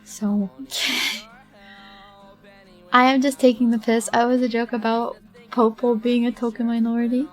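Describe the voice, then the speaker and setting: A woman's voice: fairly high pitch, little pitch movement, measured pace, pauses often, faint music behind. A woman streamer chatting casually with her viewers while she works, rambling with many fillers and little laughs. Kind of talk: casual chat with chat while drawing.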